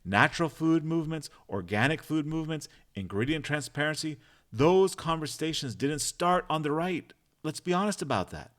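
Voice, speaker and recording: A man's voice: a little high, expressive, moderate pace, a bit bright. A man delivering a political commentary monologue in an emphatic, rhetorical way, punching out lists of points.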